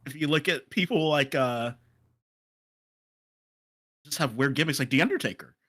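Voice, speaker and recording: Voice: medium pitch, moderate pace, fairly bright tone, slightly rough. A stream co-host chatting casually, easygoing and laughing often, often trailing off mid-sentence. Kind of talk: casual livestream chat.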